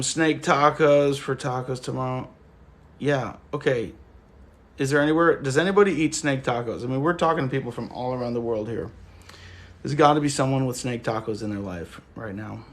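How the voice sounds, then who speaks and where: A man's voice: mid-range voice, vocal fry. A man hosting a casual livestream, chatting loosely with viewers and joking as he rambles through stories. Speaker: livestream host.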